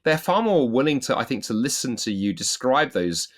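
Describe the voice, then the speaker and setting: A middle-aged man from the UK, a guest author telling lively anecdotes in an interview and acting out the quotes. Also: mid-range voice, normal speed. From United Kingdom. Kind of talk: storytelling interview answer.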